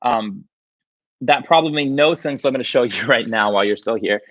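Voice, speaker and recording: A man teaching yoga over a livestream counts down holds casually and chattily while short of breath. His mid-range, fairly bright voice moves fairly quickly, and the livestream mic gives dull audio with no room sound.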